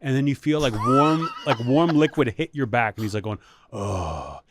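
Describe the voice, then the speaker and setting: A man's voice: medium pitch, a little fast, noisy background. A man, a comedian guest on a podcast, telling wry stories in casual chat and acting out the lines of people he quotes.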